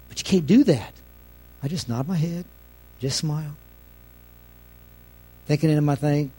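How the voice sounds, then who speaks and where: A middle-aged male pastor with a strikingly high voice gives a folksy sermon in a sing-song, measured way, pausing often. He shifts between loud, emphatic lines and soft, hushed asides.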